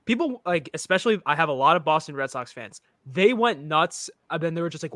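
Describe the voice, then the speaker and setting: A young American man co-hosts a casual sports podcast, sounding opinionated and rambling and often restarting his sentences. His voice is fairly high and fairly bright, with lively intonation and a fairly quick pace. The recording is dry and studio quality.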